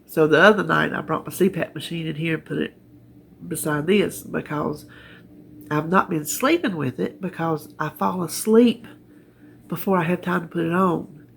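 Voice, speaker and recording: A middle-aged Southern-accented vlogger from North Carolina chats about her health from her chair in the living room, rambling homespun-style and quick to laugh. Her low, creaky voice moves at normal speed, with slight background noise.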